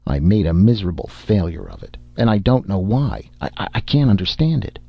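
A man's voice: low voice, sing-song, fairly quick, creaky, breathy edge, no room sound, muffled recording, exaggerated voice. A man voicing an anxious, driven young male scientist who stammers when upset, in a storybook reading. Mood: despairing.

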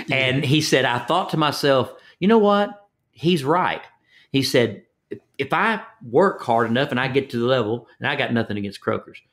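A man's voice: medium pitch, lively intonation, moderate pace, fairly bright tone. An older man from Texas with a Texan accent, a fishing guide telling stories in a folksy interview, often repeating his words. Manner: folksy, repeats words, acts out quoted voices. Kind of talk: storytelling interview.

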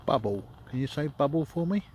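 A man running a ghost hunting session outdoors at night, talking slowly and calmly to coax spirits. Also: medium pitch. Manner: calm, coaxing, speaks slowly to spirits. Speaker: paranormal investigator. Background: faint noise of passing traffic.

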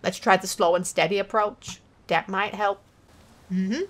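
A young woman giving frustrated gameplay commentary, swearing constantly and swinging between sarcasm and yelling. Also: medium pitch, lively intonation, a little slow, long pauses. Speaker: gaming channel host.

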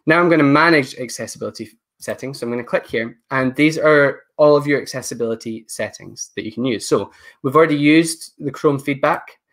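A man's voice: medium pitch, fairly quick, a bit bright. A man leading a live online training session, talking casually and thinking aloud as he clicks through settings on a computer mic. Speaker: education technology presenter.

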